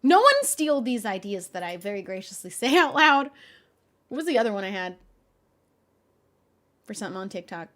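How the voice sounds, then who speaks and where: A young adult woman streaming, chatting casually with her viewers in an animated, often exasperated way and laughing a lot. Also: mid-range voice, normal speed, pauses often. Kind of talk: casual live-stream chat.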